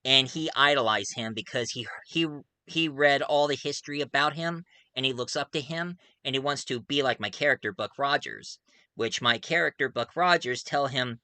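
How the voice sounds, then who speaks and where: A man's voice: mid-range voice, moderate pace, sharp tone, dry recording. A man casually talking about his audio drama project, rambling enthusiastically and often correcting himself. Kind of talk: casual video monologue.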